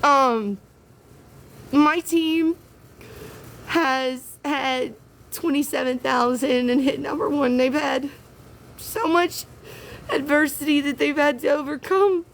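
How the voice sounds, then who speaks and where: A woman from the American South with a Southern accent, hosting a casual livestream and talking to her viewers in an emotional, halting, teary way. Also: high voice, fairly even intonation, slight background noise. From Southern United States. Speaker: livestream host.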